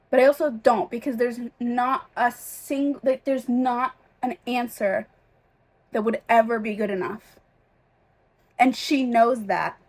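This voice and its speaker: A young woman chatting casually in a reading vlog, emotional and rambling, with many fillers and restarts. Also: fairly high pitch. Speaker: reading vlogger.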